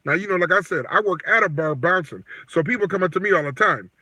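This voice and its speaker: A man co-hosting a livestream, telling a story in animated casual chat and acting out the quotes. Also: high-pitched, quick pace, no echo. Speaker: livestream co-host.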